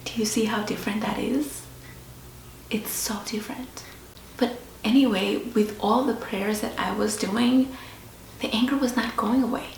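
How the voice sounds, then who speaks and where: A woman host sharing a personal story in a slow, reflective, confessional way. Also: a little high, vocal fry, a little mellow. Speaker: podcast host. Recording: roomy echo with faint background hiss.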